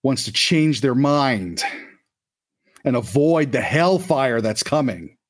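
A man voicing a menacing male vampire leader who slowly threatens revenge, as game master of a tabletop game. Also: medium pitch, very animated.

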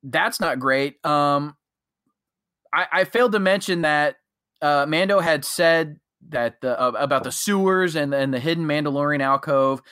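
Casting note: male podcast co-host, bright and slightly high voice, loose rambling recap delivery, dry room. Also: a little slow, clear, resonant tone, no room sound. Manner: rambling, filler-heavy storytelling with acted-out quotes. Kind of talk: casual chat recapping a TV episode.

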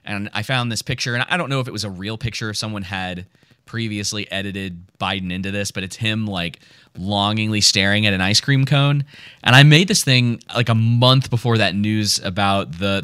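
Podcast co-host, male, low-ish and bright, hesitant and meandering, close dry mic. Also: moderate pace, smooth, no room sound. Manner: rambling, hesitant, many fillers. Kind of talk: casual chat.

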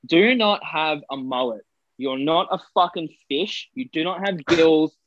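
A man's voice: fairly high pitch, measured pace, no room sound, muffled recording. A young Australian man co-hosting a podcast, telling stories in casual, sweary chat and mimicking the people he quotes. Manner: sweary storytelling, puts on voices for quoted people. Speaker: podcast co-host.

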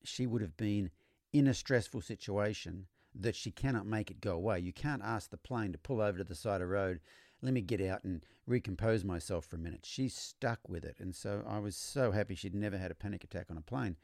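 A man hosting a podcast, explaining horse training in a relaxed storytelling way, often repeating words as he restarts. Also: fairly low pitch, fairly quick, creaky, no echo, clean studio sound. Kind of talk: conversational teaching monologue.

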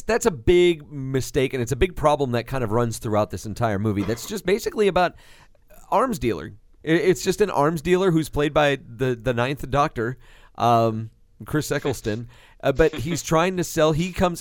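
Brief: male podcast host, lively slightly high voice, dry close mic, casual movie talk. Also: normal speed, dry recording. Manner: animated, laughs often, swears casually. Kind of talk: casual movie review chat.

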